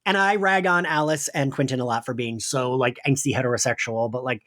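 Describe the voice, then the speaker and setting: A man's voice: mid-range voice, a little fast, a bit bright. A man co-hosting a podcast in casual chat, rambling and peppering his talk with "like". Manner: chatty, rambling, full of "like" and restarts. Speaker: podcast co-host.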